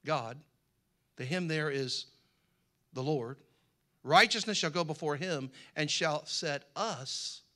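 A man leads a sermon, his voice bright and set a little high. He reads scripture with swelling emphasis and breaks off into homespun jokes and plain talk with his flock. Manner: reads scripture aloud with rising emphasis, folksy asides and jokes. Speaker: pastor.

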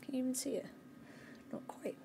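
Streaming a game from home on a desk microphone, a woman gives live commentary, talking to viewers and her cat and crying out at the action. Her voice is high-pitched and a little fast with vocal fry, and the recording is very noisy.

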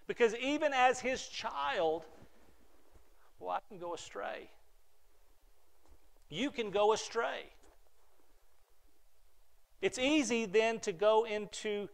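A middle-aged male pastor with a high, light voice delivers a heartfelt sermon. He speaks earnestly, stumbling and repeating words as he goes, and his voice sinks soft and low before swelling back up. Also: slow pace, gravelly, long pauses. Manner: earnest, repeats words, drops to soft near-whispers then rises.

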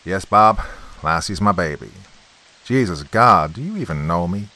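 A man voicing a brash, hot-tempered man who talks loudly and excitably. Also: low voice, normal speed. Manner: loud, wrathful, excitable.

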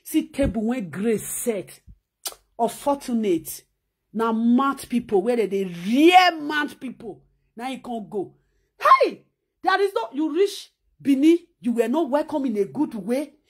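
Nigerian pidgin lady ranting on her vlog, high voice, scolding and mocking, sewing while she talks. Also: animated, measured pace, breathy edge. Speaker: vlogger.

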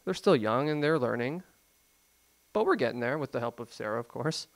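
A pastor preaching a sermon in a conversational, emphatic way, full of rhetorical questions. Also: male voice, medium pitch, expressive, brisk, vocal fry.

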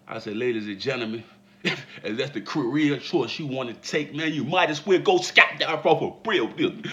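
Man, high lively voice, laughing, mock-shouting, dull lo-fi sound. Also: moderate pace. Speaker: vlogger. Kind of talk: comedic commentary vlog.

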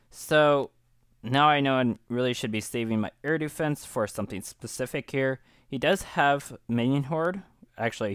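A man chatting casually over his own gameplay on a headset mic, relaxed and talkative, often breaking into small laughs. His voice is smooth and clear, at an ordinary pitch. The sound is dry and close. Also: no echo. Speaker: gaming channel host.

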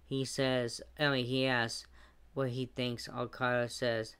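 Male wrestling reviewer, even-toned, smooth voice, recaps with asides. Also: mid-range voice. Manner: play-by-play recap with fillers and quick asides.

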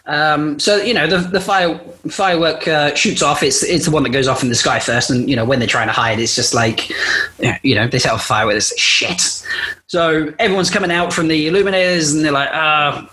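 A man's voice: fairly high pitch, fairly even intonation, a little fast, bright, forceful tone. A man recapping a book chapter on a podcast, giggly and a little tipsy, swearing freely and slipping into silly voices. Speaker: podcast co-host.

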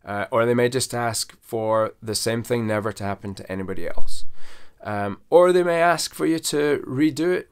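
A man's voice: medium pitch, creaky. A man in his forties, a veterinarian, talking earnestly to camera and coaching his listeners step by step in a conversational advice vlog.

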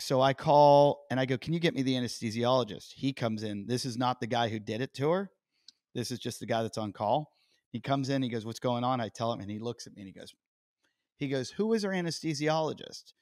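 A middle-aged man hosting a podcast, telling stories in a casual, animated way and acting out quotes. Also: medium pitch, no echo, clean studio sound. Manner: animated storyteller, acts out quotes loudly. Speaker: podcast host. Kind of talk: casual interview chat.

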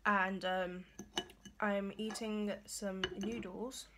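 A young woman, a student, talking casually to the camera in a rambling vlog, with lots of fillers and a rough, hoarse voice. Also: mid-range voice, little pitch movement, very slow, very noisy. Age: young adult. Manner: chatty, rambling with many fillers. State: hoarse morning voice. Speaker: student vlogger.

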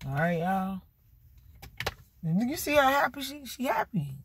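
A woman giving a casual tarot card reading, sassy and animated, talking straight to her viewers. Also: on the high side, a little slow, a little hiss or hum. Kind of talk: casual spiritual reading vlog.

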